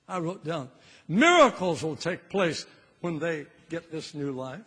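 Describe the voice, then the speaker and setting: A man's voice: fairly high pitch, big pitch swings, takes it slowly, pauses often, a bit bright, husky, long reverb tail. An older man preaching a sermon with fervor, repeating phrases for emphasis.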